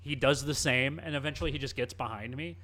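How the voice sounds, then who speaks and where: A young man co-hosting a casual chat, telling a story in a cheeky, animated way. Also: medium pitch, fast talker. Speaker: co-host.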